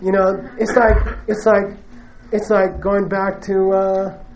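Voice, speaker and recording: A man's voice: sits high, flat delivery, slow pace, a little mellow, slight background noise, low-quality recording. A man giving a Buddhist teaching to a live audience, conversational and joking, who often stops to check in with "okay?" and "you know". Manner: joking, emphatic asides.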